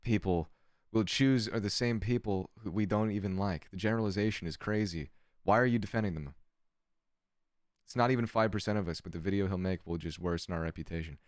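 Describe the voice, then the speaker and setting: Speaking fairly quickly in a low voice, a male streamer reads chat aloud and delivers sarcastic, swear-filled commentary in a relaxed livestream. The audio is studio quality with no echo.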